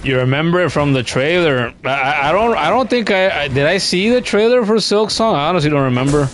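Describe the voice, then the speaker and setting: Sarcastic high-voiced young male streamer. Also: expressive, fairly quick, noisy background. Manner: sarcastic, profane, talks to chat. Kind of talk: casual gaming stream commentary.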